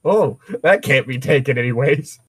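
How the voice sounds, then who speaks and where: A man's voice: medium pitch, fairly bright tone, poor audio. A young man co-hosting a fan fiction reading podcast, ranting sarcastically and swearing freely. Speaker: co-host.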